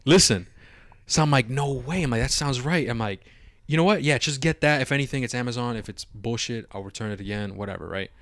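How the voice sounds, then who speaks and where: Animated, profane man telling a story. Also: mid-range voice, a little fast, dry recording, clean studio sound. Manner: animated, profane, acts out his own reactions. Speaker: podcast co-host. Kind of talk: casual storytelling chat.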